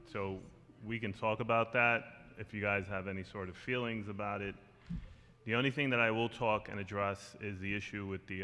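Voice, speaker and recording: A man's voice: fairly low pitch, bright, forceful tone, long reverb tail, a little hiss or hum. A man giving the district manager's report at a community board meeting, direct and matter-of-fact.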